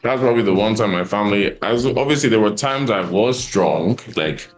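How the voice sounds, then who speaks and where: A man's voice: fairly low pitch, brisk, reverberant, low-quality recording. A man with a Nigerian accent, a podcast guest talking openly and with feeling in a candid conversation. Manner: open, animated, mimics others' voices.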